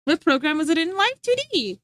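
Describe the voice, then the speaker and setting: A young American woman streaming live, chatting casually with viewers in an animated, rambling way and laughing often. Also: very high-pitched, brisk. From United States. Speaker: livestreamer.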